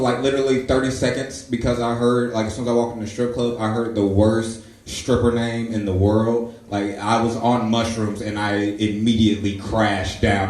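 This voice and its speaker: A man in his twenties doing a stand-up comedy set, telling stories with loud acted-out quotes. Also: medium pitch, recorded from a distance. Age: 20s. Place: comedy club stage. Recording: echoey live room, audience laughter. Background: audience laughing.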